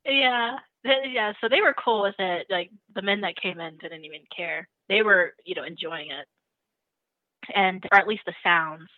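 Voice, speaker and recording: A young woman on a call-in show spills a story with animated energy and frequent laughs. Her voice comes through a tinny phone line with no room around it. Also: medium pitch, normal speed, dry recording. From lives in the Netherlands. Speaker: caller. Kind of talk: casual storytelling.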